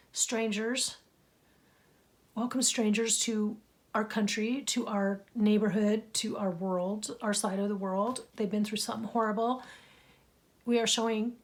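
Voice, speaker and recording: A woman hosting a craft journal vlog, speaking in an earnest, slow and heartfelt way and reading a scripture passage. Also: fairly high pitch, darkish tone.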